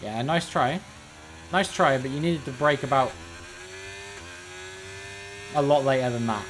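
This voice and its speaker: A man's voice: mid-range voice, a little slow, fairly bright tone, a little hiss or hum. A man streaming live, giving casual, joking commentary while he plays, with rambling sarcastic asides.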